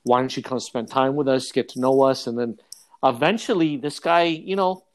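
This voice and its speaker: A man's voice: medium pitch, moderate pace. A man, a comedian, telling jokey stories in a casual chat with a friend, full of restarts and asides. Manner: animated, jokey, frequent restarts.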